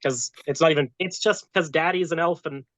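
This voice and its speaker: A man's voice: fairly high pitch, fairly quick, a bit bright, no room sound. A man playing a tabletop game, asking about his spell and joking about his character. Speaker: player. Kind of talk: casual tabletop game chat. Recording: dull, dry sound.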